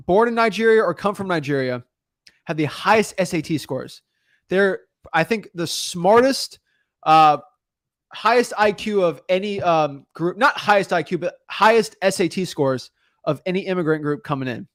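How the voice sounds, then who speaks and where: A man hosting a podcast in casual chat, energetic and emphatic, rambling with frequent restarts. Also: sits high, moderate pace, no echo, clean studio sound. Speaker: podcast host.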